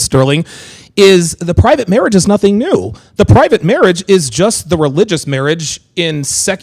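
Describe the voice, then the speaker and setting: A man's voice: fairly high pitch, dry recording, rough recording. An American man hosting a casual livestream chat, joking and restarting his sentences often. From United States. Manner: animated, joking, many restarts. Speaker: livestream host.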